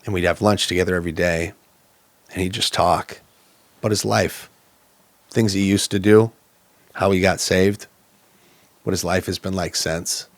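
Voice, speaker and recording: Brief: low-voiced man, plainspoken and earnest, dry close recording, personal storytelling. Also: steady tone, moderate pace, long pauses, no echo. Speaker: podcast guest.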